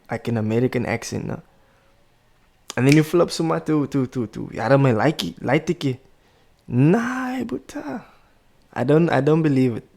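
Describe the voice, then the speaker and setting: A man's voice: medium pitch, vocal fry, a little mellow. A man hosting a reaction video, talking casually and opinionated, laughing often between remarks.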